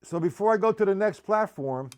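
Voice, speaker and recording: A man's voice: high voice, lively intonation, fairly quick. A man teaching a live-streamed drum lesson, counting beats aloud and calling on his students by name. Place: drum studio indoors. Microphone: live stream microphone. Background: drum playing.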